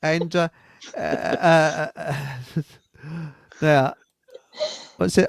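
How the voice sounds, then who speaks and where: A man's voice: on the high side, steady tone, drawn-out words, gravelly, pauses often, no echo, clean studio sound. A man hosting a live chat show, rambling and giggling as he reads out messages. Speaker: host.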